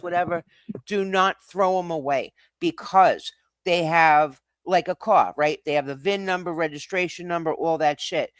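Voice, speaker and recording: A man hosts his own livestream and rants to the viewers, cursing and laughing as he goes. His voice sits a little high for a man. The sound is dry and close, with no room around it. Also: smooth, no echo. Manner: animated, swearing, laughing ranter. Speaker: livestream host. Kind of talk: casual ranting livestream. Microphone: streaming setup mic.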